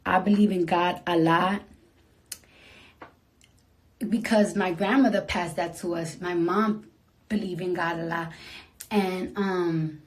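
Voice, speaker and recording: A sleepy woman at home at night, talking into her phone on a casual livestream, soft and emotional and often dropping to a whisper. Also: fairly low pitch.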